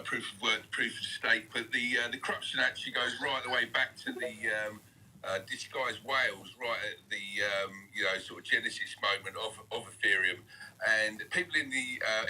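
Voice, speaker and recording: A man's voice: medium pitch, bright, forceful tone, low-quality recording. A man from England now living in Australia, with an English accent mixed with Australian, calling in to a live show and talking hesitantly with many fillers. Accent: English with Australian mix. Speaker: caller. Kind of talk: casual call-in chat.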